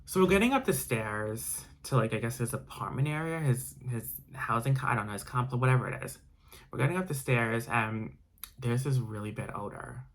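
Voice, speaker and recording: A man's voice: mid-range voice, animated, a little fast. A man telling a personal story in a casual vlog, rambling with frequent restarts and fillers. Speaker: vlogger.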